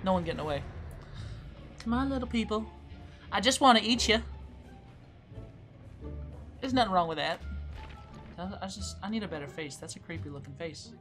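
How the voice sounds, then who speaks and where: A woman giving casual commentary on her own gameplay, playfully taunting the other players and swinging from quiet mutters to loud squeals. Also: fairly low pitch, fast talker, long pauses, soft background music. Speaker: gaming YouTuber.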